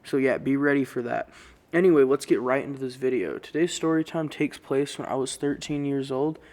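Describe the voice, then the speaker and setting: A man's voice: mid-range voice, steady tone, fairly quick, darkish tone. A man casually telling a story-time vlog in a rambling way, full of swearing and slang. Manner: rambling, profane, loose slang. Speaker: YouTuber.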